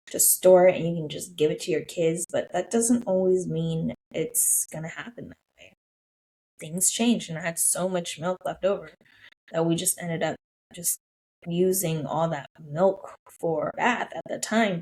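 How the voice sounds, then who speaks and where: A woman's voice: fairly low pitch, vocal fry, a little mellow, poor audio. A woman in her thirties hosting a solo podcast, telling a personal story in an emotional, gushing, casual way. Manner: emotional, gushing, with lots of "I was like". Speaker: podcast host.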